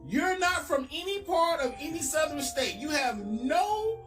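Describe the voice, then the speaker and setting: A woman's voice: sits high, lively intonation, a little slow. A woman giving blunt, slangy reaction commentary, sounding exasperated. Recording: distant mic with loud music behind.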